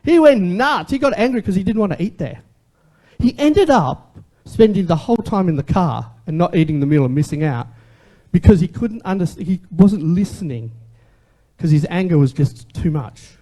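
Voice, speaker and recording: A man preaching to his congregation in a loose, conversational sermon. His voice sits high and leaps all over the place with a lively energy. He keeps turning rhetorical questions back on his listeners. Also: normal speed. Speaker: pastor.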